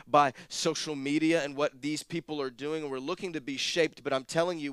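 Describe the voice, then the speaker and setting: A man preaching a sermon, his voice a touch high and clear. He moves from easygoing, joking asides to loud, rising exhortation. The sound is close and dry, with no room echo. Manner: animated preaching, rising to near-shouted emphasis, with quick asides. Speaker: pastor.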